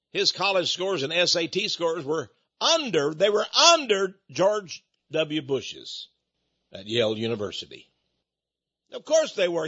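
A man's voice: high-pitched, sharp tone, breathy edge. An older man giving a combative, sarcastic political monologue and repeating words as he goes. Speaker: political commentator. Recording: dull lo-fi sound.

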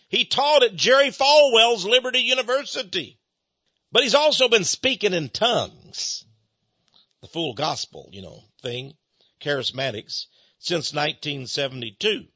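A man's voice: high-pitched, pushed and bright, husky, no room sound. A man preaching in a radio-style commentary, emphatic and given to sarcastic asides, on a dull lo-fi recording.

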